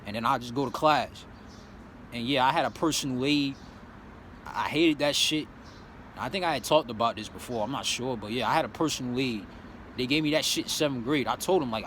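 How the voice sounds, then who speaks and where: A man's voice: medium pitch, fairly quick, slight background noise. A young man vlogging his life story, blunt and profane, often dropping "you know what I'm saying" and turning heated as he relives his anger. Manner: grows heated and loud when reliving anger. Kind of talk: candid personal storytelling.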